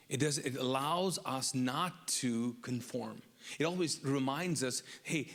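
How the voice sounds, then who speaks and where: A man preaching a sermon as pastor, speaking conversationally, restarting phrases and asking the congregation to fill in words. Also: medium pitch. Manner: repeats words and asks the crowd to fill in answers. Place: church auditorium. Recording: long hall reverb.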